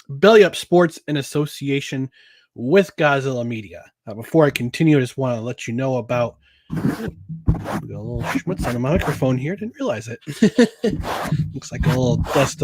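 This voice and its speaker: A man's voice: on the high side, no room sound, clean studio sound. A man hosting a live sports talk podcast, chatting casually with fillers and repeated words. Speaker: podcast host.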